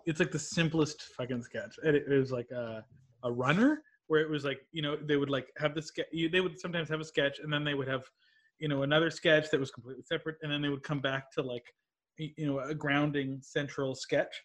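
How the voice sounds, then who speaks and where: A young man, a comedian guest on a podcast, telling stories casually, animated and swearing freely. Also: fairly high pitch, a little fast. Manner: animated, swearing, laughing storyteller. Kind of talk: casual film chat.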